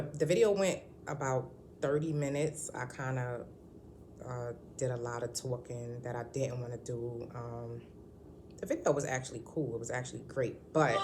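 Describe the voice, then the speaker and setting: At home indoors, a woman vlogs casually to her channel in a rumbling low, darkish voice, rambling candidly with plenty of ums and restarts. There's slight background noise.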